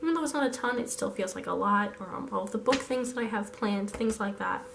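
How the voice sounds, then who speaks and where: A hoarse young woman chatting through a casual planning vlog, thinking aloud. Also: mid-range voice, quick pace, background noise. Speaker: vlogger.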